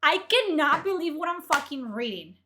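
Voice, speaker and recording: High, bright-voiced angry woman ranting. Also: very animated, moderate pace, a little hiss or hum. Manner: furious, profane, shouting outbursts. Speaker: streamer reacting to articles.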